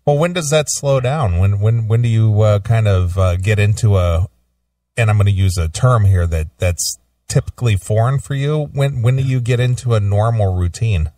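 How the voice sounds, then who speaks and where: A man hosting a casual radio talk show from his studio, relaxed and full of filler uhs. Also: on the low side, moderate pace, no echo, recorded from a distance.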